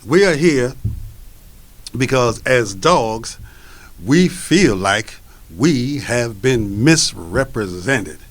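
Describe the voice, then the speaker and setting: A man's voice: medium pitch, expressive, very slow. A man voicing a big male Great Dane who gives an earnest speech to a crowd of dogs, in spoken word storytelling. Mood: solemn. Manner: earnest speechmaking, repeating points.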